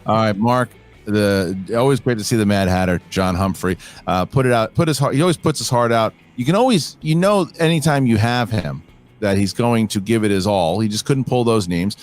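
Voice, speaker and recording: A man's voice: lowish voice, normal speed. A man hosting a competition show, giving upbeat post-match analysis in long runs of talk. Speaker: show host.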